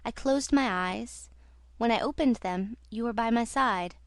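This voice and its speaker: A woman reading the part of an earnest young female opera singer in an audiobook, in a soft confiding tone. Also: a little high, a little slow, no room sound.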